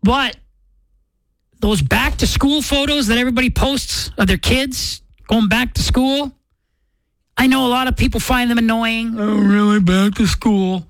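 A man's voice: very high-pitched, unhurried, no room sound, poor audio. Guy doing morning radio, rambly and jokey, dry close sound. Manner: animated, rambling, self-mocking. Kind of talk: casual on-air chat.

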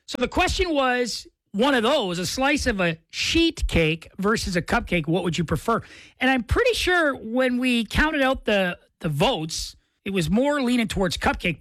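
Chatty radio host, lively delivery. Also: male voice, extremely high pitch, normal speed, no room sound. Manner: chatty, filler-heavy, rambling. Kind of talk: casual radio chat. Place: radio studio.

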